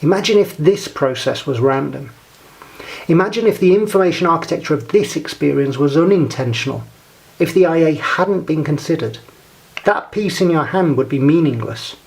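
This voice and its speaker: Measured man giving a step-by-step lesson. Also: on the high side, lively intonation, vocal fry, a little mellow. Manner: measured, deliberate, guiding the listener step by step. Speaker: presenter. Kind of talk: scripted instructional talk.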